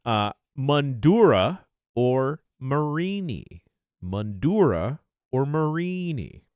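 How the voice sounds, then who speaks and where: A man hosts a podcast quiz, reading each question with a lively, bouncing pitch. His voice is dry and close on a studio mic, with no room sound. The delivery is wry and casual. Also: takes it slowly, clean tone, no room sound. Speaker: podcast host running a quiz.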